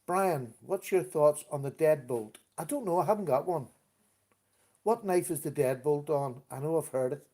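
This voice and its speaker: A man's voice: on the high side, moderate pace, dark tone. A middle-aged man hosting a casual live stream, chatting easily and greeting viewers by name. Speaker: livestream host.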